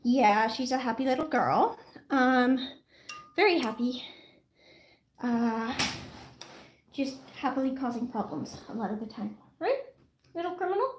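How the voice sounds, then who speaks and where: A woman with a notably high voice chats casually on a home livestream and coos at her puppy in a sing-song tone. The audio is noisy, picked up by a camera she carries as she walks indoors and out. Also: animated, measured pace, long pauses. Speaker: livestream host. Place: at home, moving indoors and out to the garden.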